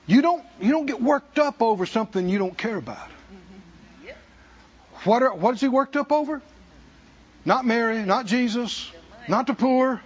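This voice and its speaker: A man's voice: very high-pitched, animated, measured pace, pauses often, slightly rough, muffled recording. A man preaching a sermon as pastor, emphatic and repetitive in a church.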